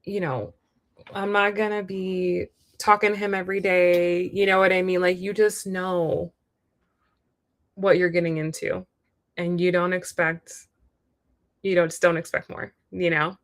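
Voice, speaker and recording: A woman's voice: on the low side, level tone, a little slow, long pauses. A young woman giving a live tarot reading, talking frankly and chatting straight to the viewer, often acting out what people might say. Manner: chatty, frank, acts out quoted voices. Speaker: tarot reader.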